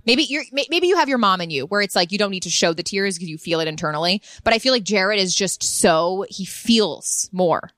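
Woman, 20s, podcast co-host, frank casual talk, bright forceful tone, dry sound. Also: medium pitch, lively intonation, no echo. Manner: frank, quick, supportive, swears casually. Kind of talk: casual chat.

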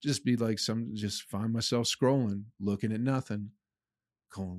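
A man's voice: on the low side, fairly even intonation, moderate pace, darkish tone, dry recording, clean studio sound. Profane rambling male comedian podcaster. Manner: rambling, profane, addresses listeners as "people"; acts out his own inner voice in quotes.

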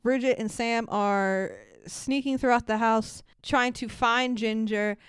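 A woman co-hosting a casual podcast, recapping a movie in an animated way, swearing freely and acting out lines. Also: fairly high pitch, takes it slowly, clean tone, dry recording. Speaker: podcast co-host.

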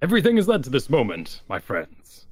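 A man's voice: mid-range voice, huge pitch swings, fairly quick, darkish tone, slightly rough, no room sound. A man speaking in character during a tabletop game, resolute and rousing. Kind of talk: tabletop role-play.

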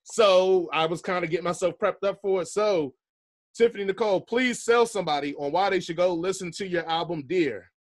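A man in the host's seat of a loose music conversation, talking in a relaxed, slangy way. His voice sits a little high for a man, and he laughs easily between thoughts. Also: a little fast. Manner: laid-back slangy talk, laughs often. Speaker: podcast host. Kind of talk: casual chat.

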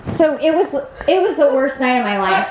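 A woman's voice: normal speed, background noise. A young woman co-hosting a podcast, telling a story with lots of laughter and acting out what she said at the time. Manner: animated storyteller, laughing, acting out her own lines in higher voice. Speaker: podcast co-host. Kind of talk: casual chat, storytelling.

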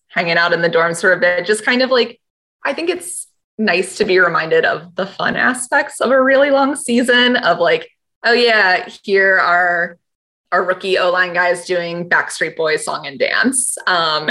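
A woman sports reporter co-hosting a casual sports talk show, thoughtful and relaxed, with many fillers. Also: on the low side.

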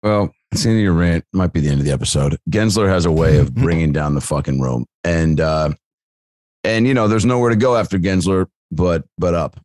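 A man's voice: sits low, a little fast, darkish tone, dry recording. A man hosting a casual podcast, joking and swearing in a laid-back way. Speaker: comedian podcast host.

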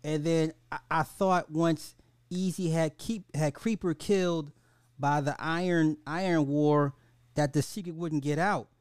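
A man hosting a casual podcast, ranting in an animated, profane, excitable way. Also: on the high side, measured pace, clear, resonant tone, no echo, clean studio sound. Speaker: podcast host.

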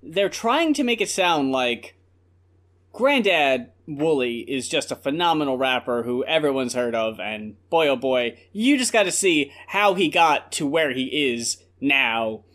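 Brief: male podcast co-host, high, lively voice, blunt and profane in casual review chat.

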